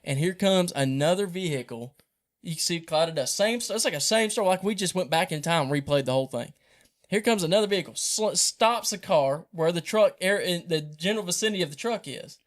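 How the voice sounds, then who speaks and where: A man tells a hunting story on a podcast, animated and playing the voices of everyone in it. His voice sits high for a man. The talk is casual and lively. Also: a little fast. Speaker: podcast host.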